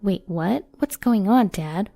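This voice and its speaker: A woman's voice: mid-range voice, lively intonation, slow pace, gravelly, faint music behind, exaggerated voice. A woman voicing a snobbish, irritable young bride who talks down to people. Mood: flustered. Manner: sharp, scornful, flustered.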